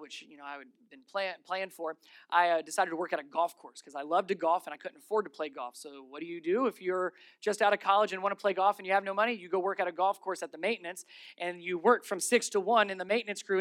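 A man's voice: high voice, a bit bright. A man in his thirties preaching a sermon as pastor in a church, telling stories with energy, repeating key phrases and putting questions to the congregation.

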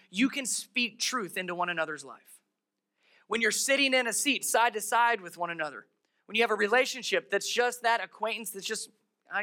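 Pastor preaching a sermon, bright clear tone, emphatic delivery with acted-out characters. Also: mid-range voice. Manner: emphatic, acts out the story's characters. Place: church.

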